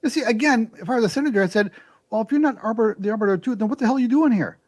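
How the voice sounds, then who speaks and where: A man's voice: high-pitched, racing, crowd noise. A man co-hosting a reaction show, making joking, mocking asides. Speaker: co-host. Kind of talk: reaction commentary on a video clip.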